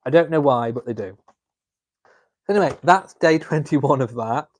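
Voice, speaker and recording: A man's voice: medium pitch, normal speed, a little mellow, slight background noise. A man hosting a casual live stream from home, reading viewer comments aloud and chatting in a camp, playful way. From England. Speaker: vlog host reading live chat. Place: home, drinking coffee.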